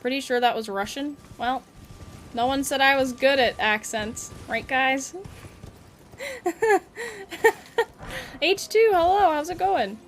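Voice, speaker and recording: A woman's voice: high-pitched, takes it slowly, long pauses. A young woman chatting casually with viewers while streaming a game, giggly and reactive. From Canada. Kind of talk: casual live-stream chat while gaming.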